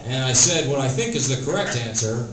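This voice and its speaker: A man's voice: mid-range voice, expressive, fairly quick, crowd noise. A man doing a stand-up set in a comedy club, talking in a wry, rambling way with lots of fillers. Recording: roomy club recording, noisy, from a distance. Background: audience laughter.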